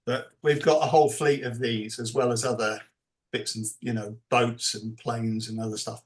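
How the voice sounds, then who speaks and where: This medium-pitched man is running a teacher training session by video call, taking his explanations slowly and performing sample classroom exchanges.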